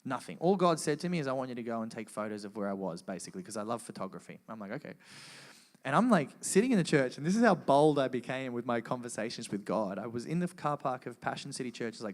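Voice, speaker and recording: A man giving a personal faith testimony to a live church audience, telling his story earnestly and acting out his own dialogue. He drops quiet in the grave parts and gets loud and excited in the lively ones. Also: medium pitch, fast. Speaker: guest speaker at a church event.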